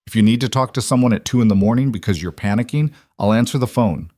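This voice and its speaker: A man's voice: fairly low pitch, fast talker, darkish tone, no echo, lightly acted. A composed young nurse who speaks plainly and reassuringly, as a man reads her lines. She sounds matter-of-fact and firm in a dry, close storybook recording. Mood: earnest, firm. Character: calm, practical young woman nurse. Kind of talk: scripted story reading.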